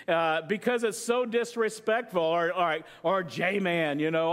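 A man's voice: high voice, measured pace, hardly any pauses, a bit bright, clear, resonant tone. A middle-aged male pastor preaching a sermon with humorous illustrations, conversational, often asking the congregation questions.

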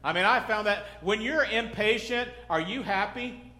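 A middle-aged pastor preaching a sermon in a loose, conversational way, joking, acting out little scenes and asking the congregation questions. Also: male voice, sits high, normal speed, pushed and bright. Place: church sanctuary. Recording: echoey church hall.

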